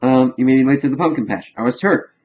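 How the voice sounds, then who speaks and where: A man's voice: mid-range voice, fast, close to an everyday voice. A man voicing a manipulative cartoon boy who always plays the victim, talking in a falsely sweet, wheedling way. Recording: dull lo-fi with faint hum.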